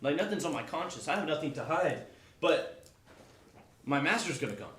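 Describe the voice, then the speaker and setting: A man voicing an indignant male apostle defending himself with sharp rhetorical questions. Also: a little high, lively intonation, normal speed, roomy sound, far from the mic, slight background noise. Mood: defensive.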